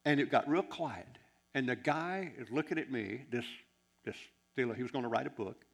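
A man preaching in a storytelling sermon, full of asides and restarts. He drops low and soft for side comments, then climbs high and loud when the story peaks. His voice sits at an ordinary middle pitch for a man. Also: normal speed, gravelly, husky. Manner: animated, rambling storyteller with laughs and asides.

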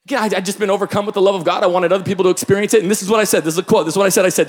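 A pastor from the Pacific Northwest preaching a sermon, telling stories with bursts of shouting. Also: male voice, high voice, racing, few pauses, a little hiss or hum. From Pacific Northwest, Tacoma, Washington. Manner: energetic storytelling, bursts of shouting. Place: large church hall. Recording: long hall reverb.

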